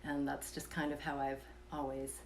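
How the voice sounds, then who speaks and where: A woman telling a personal story in a casual, soft-spoken way, sometimes dropping to a whisper and chuckling between thoughts. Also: very deep voice, little pitch movement, normal speed, slight background noise. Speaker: vlogger telling a personal experience.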